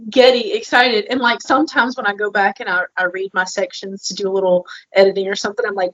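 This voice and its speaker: A woman co-hosting a podcast in casual chat, expressive and self-deprecating, laughing easily. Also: mid-range voice, fast talker, few pauses. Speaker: podcast co-host. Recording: slightly dull, lo-fi sound.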